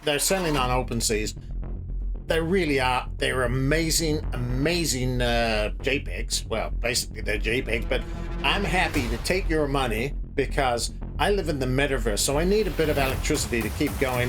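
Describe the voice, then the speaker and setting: A man's voice: fairly high pitch, lightly acted. A man doing a rambling American-tinged crypto hype man. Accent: put-on slight American accent. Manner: rambling, filler-heavy, salesy. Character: boastful crypto promoter man, buzzword-spouting, fist-pumping.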